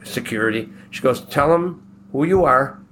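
A man from Buffalo telling a long personal anecdote in a relaxed, rambling way, acting out the quoted dialogue as he goes. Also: medium pitch, moderate pace, slight background noise. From Buffalo, New York. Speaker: guest telling a personal story.

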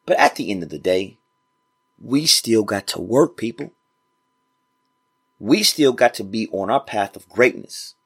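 A man's voice: fairly low pitch, lively intonation, unhurried, long pauses, slightly rough. A man hosting a motivational podcast, speaking casually and preaching straight to his listeners, repeating phrases for emphasis. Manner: casual informal grammar. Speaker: podcast host.

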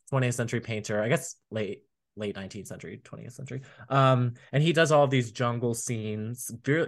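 Casual guy cohost, loose and chatty, lots of ums, average pitch. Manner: rambling, laughs often, many fillers. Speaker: podcast co-host. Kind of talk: casual chat.

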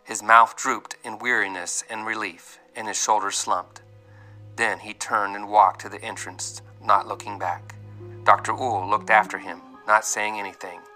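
A man's voice: lowish voice, little pitch movement, unhurried, bright, forceful tone, low-quality recording. A man narrating a dramatic adventure story aloud, with vivid delivery and voiced characters. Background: faint music.

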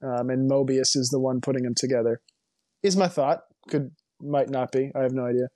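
A man's voice: medium pitch, fairly even intonation, brisk, mellow, dry recording, clean studio sound. A man co-hosting a casual movie podcast, rambling and emphatic, with lots of restarts and strong opinions. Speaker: podcast co-host.

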